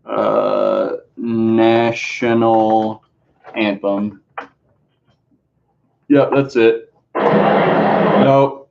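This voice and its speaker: A man's voice: lowish voice, vocal fry. Casting: male streamer, casual rambling chat, freely profane, dull lo-fi audio. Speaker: streamer unboxing his music books.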